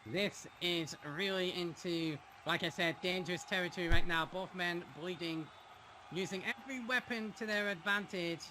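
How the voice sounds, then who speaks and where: A man calling a wrestling match play by play, dramatic and quick to laugh. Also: high voice, fairly even intonation, bright, forceful tone, a little hiss or hum. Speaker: play-by-play commentator.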